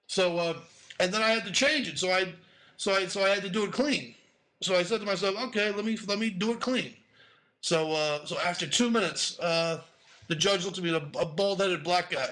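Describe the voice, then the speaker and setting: High-voiced, bright, animated storytelling man. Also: moderate pace. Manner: animated, profane, emphatic; acts out voices in quoted speech. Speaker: host telling a stand-up story. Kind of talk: casual storytelling with profanity.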